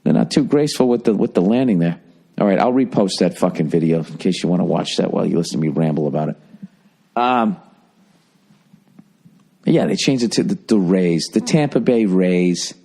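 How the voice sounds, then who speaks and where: A man hosting his own podcast, rambling alone and thinking out loud with constant swearing as he riffs on whatever he's looking at. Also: deep voice, expressive, fairly quick, creaky, pauses often, slightly rough. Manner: profane, riffing, thinking out loud. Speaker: podcast host. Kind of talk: rambling solo podcast monologue.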